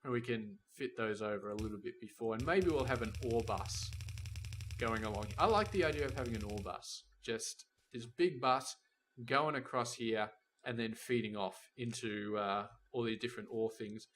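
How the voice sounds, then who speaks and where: Man, mid-pitched voice, casual gameplay commentary, muses aloud, scolds the in-game robots. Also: normal speed, fairly bright tone, a little hiss or hum. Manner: thinking aloud, talks to the game's robots and trains. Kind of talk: casual let's-play commentary.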